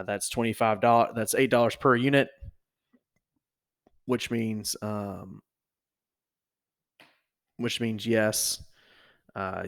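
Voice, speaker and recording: A man teaching economics, talking through exam answers in a halting way, with many fillers and "okay?" checks. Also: lowish voice, a bit bright, clear, resonant tone. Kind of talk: recorded lecture walkthrough.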